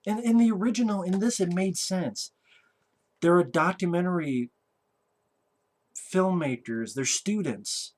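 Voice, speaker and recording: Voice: mid-range voice, normal speed. A film reviewer giving a casual movie review rant, talking in a blunt, sarcastic way with a lot of swearing.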